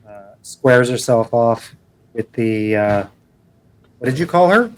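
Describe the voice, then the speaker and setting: A man describes his character's moves in a tabletop game, halting and slow. His voice sits at a middle pitch. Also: lively intonation, smooth. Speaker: player. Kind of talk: casual tabletop play.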